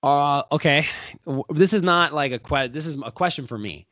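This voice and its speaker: A man's voice: a little high, normal speed, no echo. A man who coaches jiu-jitsu, talking casually and at length on a podcast and often stopping to correct himself. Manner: animated, rambling, self-correcting. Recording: dull lo-fi podcast audio.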